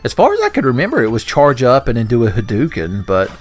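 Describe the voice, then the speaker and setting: A man's voice: mid-range voice, huge pitch swings, fast, faint music behind. A man giving casual gameplay commentary, joking, swearing and laughing often. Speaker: let's play commentator.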